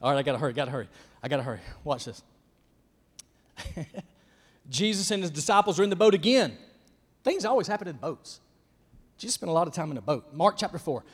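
A man preaching a sermon in a church, swinging from loud emphasis to soft whispers and calling out to listeners by name. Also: fairly high pitch, sing-song, fast, pauses often, slightly rough, in a large hall. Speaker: pastor.

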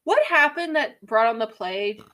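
Young woman, bright forceful voice, blunt, profane, casual book chat. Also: fairly high pitch, lively intonation, normal speed. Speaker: podcast co-host.

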